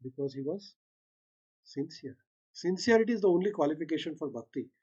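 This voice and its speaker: A man with an Indian accent delivers a devotional talk in a mellow, rather high voice. He speaks unhurriedly, checking in with his listeners now and then, and the recording is muffled and lo-fi. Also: expressive, a little fast, husky. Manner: speaks unhurriedly, often ends points with a questioning "right?", mixes in Hindi. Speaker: satsang speaker.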